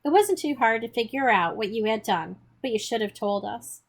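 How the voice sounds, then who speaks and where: A woman voicing a hearty, booming farmer father who talks in bluff, teasing exclamations. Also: lively intonation, normal speed.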